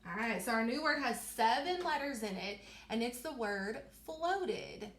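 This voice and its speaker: A young woman teaching a reading lesson to young children, slowly stretching out letter sounds and praising them often. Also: a little high, lively intonation, fairly bright tone, slight background noise. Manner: encouraging, repeats words for children. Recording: echoey room.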